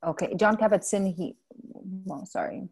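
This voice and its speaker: A woman whose first language is Spanish, chatting gently in an interview about mindfulness, pausing often to correct herself. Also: mid-range voice, breathy edge. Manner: thoughtful, self-correcting, gentle. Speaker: guest, mindfulness mentor. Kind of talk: casual interview chat.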